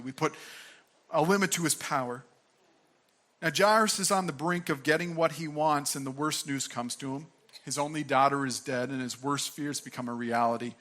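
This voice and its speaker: Earnest young man preaching, bright voice. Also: medium pitch, normal speed. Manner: earnest, conversational, many fillers and restarts. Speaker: pastor. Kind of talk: sermon.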